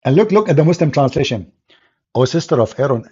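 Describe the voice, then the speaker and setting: Man, husky dark voice, broken non-native english, scornful and emphatic, dull lo-fi recording. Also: on the high side, lively intonation, brisk. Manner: scornful, emphatic, laughs and jeers often. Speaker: religious debater. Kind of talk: mocking polemic commentary.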